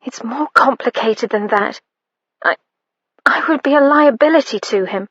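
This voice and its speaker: A woman voicing a quiet, subdued young widow. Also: a little high, normal speed, breathy edge, no room sound, lo-fi sound. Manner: subdued, terse.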